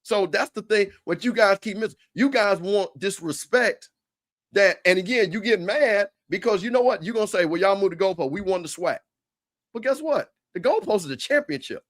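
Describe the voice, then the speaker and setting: A man hosting a casual livestream, trash-talking in an animated way with stammered restarts. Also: high-pitched. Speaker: show host.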